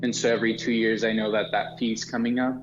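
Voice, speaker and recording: A young man answering an interview in a measured, unhurried way. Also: fairly low pitch, flat delivery, over music. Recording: dull lo-fi recording.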